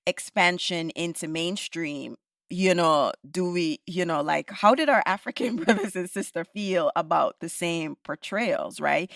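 Lady podcast host, low-ish voice, dry sound, keeps saying right?. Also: dry recording. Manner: animated, opinionated, frequent "right?" tags. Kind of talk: casual discussion.

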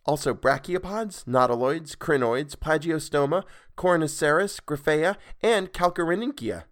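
A man voicing a prim, bossy young English girl who lists fossils in a high, careful schoolgirl lilt. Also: normal speed, a bit bright, natural voice. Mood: eager listing.

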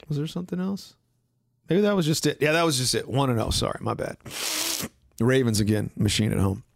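A man hosting a sports podcast, talking casually and sarcastically, giving betting picks and mimicking others in quick asides. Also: medium pitch, creaky, no room sound, clean studio sound. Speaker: podcast host.

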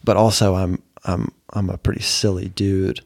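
A young adult man hosts a casual solo podcast, speaking in a fairly low voice. He tells stories in a loose, rambling way with a sarcastic, deadpan edge. The sound is close and dry, with no room echo. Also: moderate pace, vocal fry. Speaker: podcast host.

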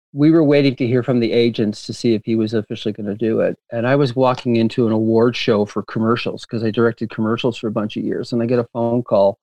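A man telling stories as a guest in an interview, rambling and animated with frequent laughter and restarts. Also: mid-range voice, no echo. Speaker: filmmaker guest. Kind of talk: casual interview storytelling.

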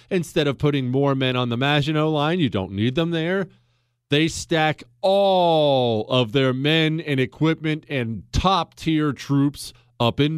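A man's voice: a little high, clear, resonant tone, no echo, clean studio sound. A man hosting a podcast, telling history in a casual, jokey way and acting out quotes in silly voices. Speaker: podcast host.

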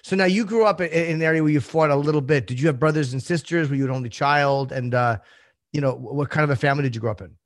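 Fast-talking interviewer. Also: male voice, fairly high pitch, dry recording, studio quality. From United States. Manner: chatty, long winding questions. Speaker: co-host interviewer. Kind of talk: casual interview questions.

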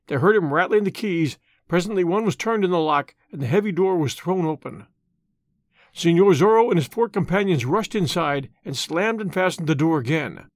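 A man reading an adventure novel aloud as an audiobook narrator, with steady, expressive storytelling. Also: sits high, normal speed, no room sound, clean studio sound.

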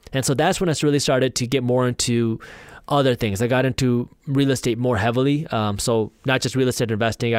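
A man's voice: medium pitch, clear, resonant tone, dry recording, studio quality. A young man, a podcast guest, telling stories in a casual interview and acting out his own past thoughts. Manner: animated, acts out his own past thoughts and quoted voices.

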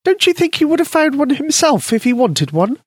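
A doubtful little female mouse from a children's storybook asks her questions in a very high, squeaky voice, as a man puts her on. Her pitch rises sharply at the ends of her lines. The recording is close and dry. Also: big pitch swings, moderate pace, no room sound.

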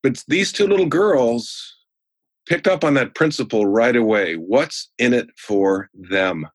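A man in his sixties, a sales trainer guest in an interview, telling stories in an animated way. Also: mid-range voice, unhurried, slightly rough, no echo. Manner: animated storyteller. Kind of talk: storytelling in a podcast interview.

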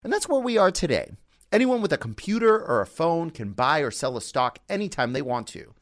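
A man's voice: on the high side, sing-song, a little fast. A man hosting a podcast, reading a scripted opening in a conversational way with playful asides. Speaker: podcast host.

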